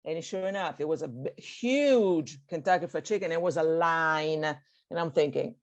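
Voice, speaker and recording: A woman's voice: low voice, moderate pace, muffled recording. A woman from Italy with an Italian accent, teaching a beginner Italian class over a video call and checking in with "okay?" after nearly every point. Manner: encouraging, checks in with frequent "okay?". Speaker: language teacher.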